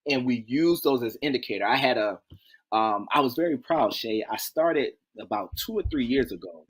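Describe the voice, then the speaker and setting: A man as an interview guest, telling stories in a lively, folksy way, acting out quotes and repeating key phrases. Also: medium pitch, normal speed, slightly rough. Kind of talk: animated interview storytelling.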